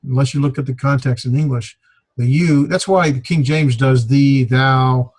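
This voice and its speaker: A man teaching a Greek grammar class, explaining in a halting way with many fillers. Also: medium pitch, fairly even intonation, darkish tone, breathy edge. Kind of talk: classroom lecture.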